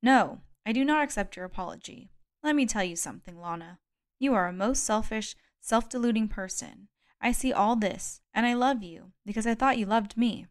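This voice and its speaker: A woman reading a bitter, wounded woman, low and flat. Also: normal speed, no room sound, studio quality, lightly acted. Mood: hurt, contemptuous.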